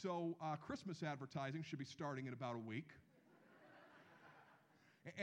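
A man in his thirties preaching a sermon, animated, with slow emphatic phrases and drops to near a hush. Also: high voice. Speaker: pastor.

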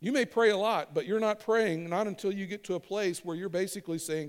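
Speaking briskly with hardly any pauses, a male pastor preaches in a conversational style and repeats phrases so the congregation can echo them back. His voice is high, clear, and resonant.

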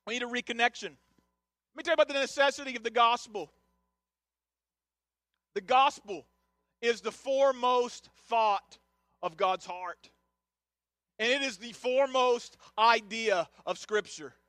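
A middle-aged man preaches with rising passion, his voice very high and bright. He drives his points home with repeated, shouted phrases, and the sound is dry and close. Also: measured pace, long pauses, dry recording. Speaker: pastor. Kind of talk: sermon. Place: church sanctuary.

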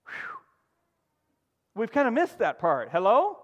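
A high-voiced man preaches with wide swings of pitch, jumping from emphatic calls to quiet, low asides. He keeps asking his listeners questions and prodding them for answers. His voice rings out in a long, reverberant hall. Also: huge pitch swings, takes it slowly, husky, muffled recording. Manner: emphatic, call-and-response preaching with sudden drops to a hush. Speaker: pastor. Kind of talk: sermon.

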